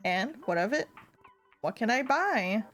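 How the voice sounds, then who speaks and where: A woman's voice: a little high, animated, measured pace, fairly bright tone, faint music behind. A woman from Europe chatting casually on a gaming stream, telling rambling stories with lots of fillers and giggles. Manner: rambling, filler-heavy storytelling with frequent giggles.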